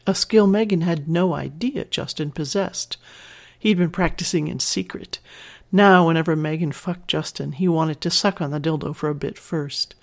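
A narrator reading an adult story aloud in a steady, measured way. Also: mid-range voice.

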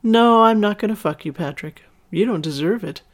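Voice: medium pitch, normal speed, close to an everyday voice. A storyteller voicing a vengeful young woman with a mocking, sing-song manner.

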